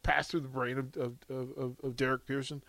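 A man's voice: medium pitch, level tone, brisk, a bit bright, no echo. A middle-aged man hosting on radio, telling stories casually in a rambling way and laughing often. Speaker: radio host. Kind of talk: casual on-air chat. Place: radio studio. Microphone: studio microphone.

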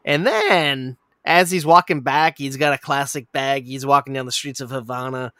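A man's voice: mid-range voice, normal speed, smooth, no echo, clean studio sound. Rambling, profane man recapping a movie. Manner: rambling, profane, animated retelling with many fillers.

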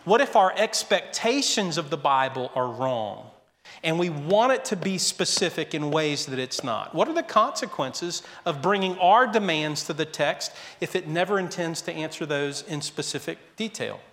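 A man's voice: on the high side, animated, moderate pace, fairly bright tone, in a large hall. A male pastor preaching a sermon, telling stories between points with a conversational, shifting pace.

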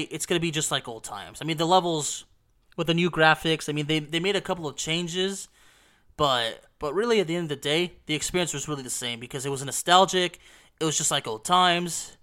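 A man hosting a solo game talk show, hoarse and coughing as he recovers from illness, rambling with many fillers. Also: on the high side, bright, forceful tone. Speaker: podcast host. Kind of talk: casual solo talk about video games.

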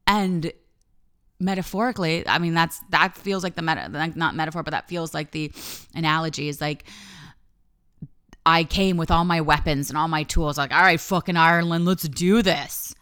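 A woman's voice: low-pitched, steady tone, moderate pace, a bit bright, smooth. A woman life coach hosting her podcast, giving a candid, reflective personal monologue and swearing freely.

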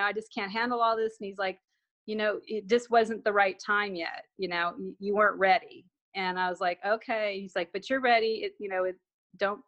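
A woman's voice: medium pitch, a bit bright, highs cut off. A woman guest telling a personal story in conversation, acting out remembered dialogue with frequent restarts.

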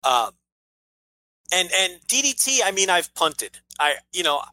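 A man's voice: high-pitched, very animated, measured pace, bright, forceful tone, poor audio. A man co-hosting a casual podcast, opinionated and ranting, swearing freely as he makes his case. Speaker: podcast co-host.

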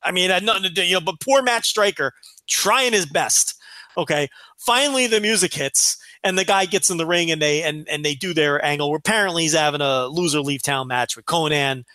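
A man's voice: fairly high pitch, a little fast, sharp tone, no room sound. A man co-hosting a casual podcast, ranting in exasperation and swearing freely. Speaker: podcast co-host. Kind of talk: casual wrestling podcast chat.

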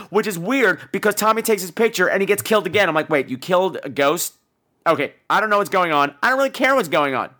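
Podcast host, movie review rant, animated swings in pitch, exasperated, sarcastic, profane. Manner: exasperated, sarcastic, swears freely; repeats words for emphasis.

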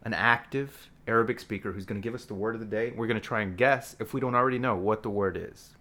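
A man co-hosting a podcast in goofy, joking banter, loud and excitable. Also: lowish voice, fast talker. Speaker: podcast co-host.

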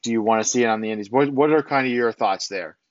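A man's voice: mid-range voice, fast, dry recording, muffled recording. A man co-hosting a podcast, casually recapping a wrestling show and acting out what the wrestlers said. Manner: animated recapping, acts out quotes. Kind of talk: casual chat.

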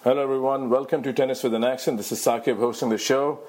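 A man from India hosting a podcast interview, eager and halting, with many fillers. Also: medium pitch, steady tone, a little mellow. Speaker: podcast host. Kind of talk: interview questions.

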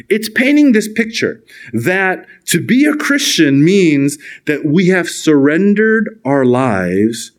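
A man preaching a sermon as pastor, earnest and emphatic, speeding up and then slowing to stress key words. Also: fairly high pitch. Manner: earnest, emphatic, shifts between fast and slow deliberate delivery.

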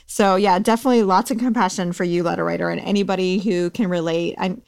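A woman's voice: lowish voice, fairly even intonation, quick pace, creaky. A woman hosting a podcast, chatting casually and compassionately with a guest, with lots of "like" and "you know". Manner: warm, compassionate, chatty with many fillers. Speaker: podcast host.

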